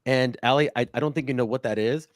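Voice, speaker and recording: A man of Cuban family hosting a casual political talk stream, blunt and quick, with frequent restarts. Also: mid-range voice, no echo, clean studio sound. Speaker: host.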